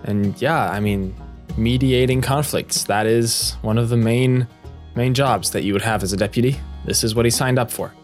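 A man narrating a tabletop game as game master, lively and quick to laugh. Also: mid-range voice, soft background music.

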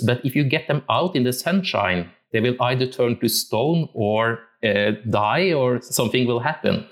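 A man from Norway, a music teacher giving a thoughtful talk and often searching for his words. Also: medium pitch. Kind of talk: reflective talk on musical interpretation.

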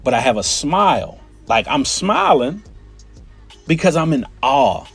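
A man telling a personal story in an animated, conversational way, often turning to his listeners with "right?" and "y'all". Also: mid-range voice, a little slow, soft background music.

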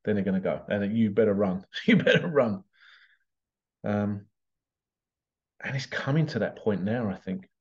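A man's voice: on the low side, animated, moderate pace, pauses often, lo-fi sound. An Englishman hosting a podcast in a casual solo monologue, rambling and digressive with frequent chuckles. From England. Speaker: podcast host.

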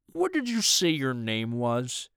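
Brief: male narrator plays a villainous captain, deep, slow and threatening. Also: expressive, a bit bright, dry recording, studio quality. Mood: clipped, formal. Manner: slow, low and drawling.

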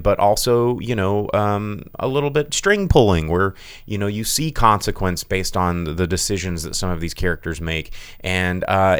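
A man's voice: fairly low pitch, fairly bright tone, smooth, no echo. A man co-hosting a movie podcast, chatting casually and rambling with many fillers and restarts. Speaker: podcast co-host reviewing movies. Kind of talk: casual chat.

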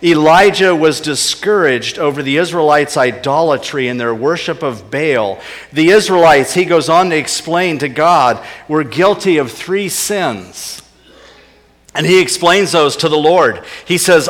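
A man preaching a sermon with earnest emphasis, his voice rising on key points and dropping to soft, low asides. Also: a little slow, long reverb tail. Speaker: pastor.

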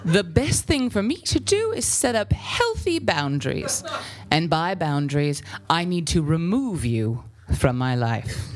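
Female stage reader, comic letter, sardonic, low-ish voice with very animated pitch. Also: measured pace. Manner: sardonic, mock-sweet delivery. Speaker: live reading performer.

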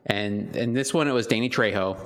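A man with a fairly deep voice chats casually as a podcast co-host. He laughs often and restarts his sentences as he goes. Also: brisk. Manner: chuckling, stumbling over his words.

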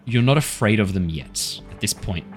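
A deep-voiced man runs a tabletop game, painting each scene in unhurried detail. He narrates the action for his players, and faint music sits low in the background. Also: lively intonation. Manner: descriptive, scene-setting narration with playful asides. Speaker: game master.

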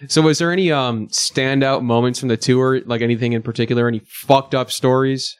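A man's voice: medium pitch, steady tone, brisk, smooth, dry recording, clean studio sound. A man hosting a podcast in loose, jokey casual chat with his guests. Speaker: podcast host.

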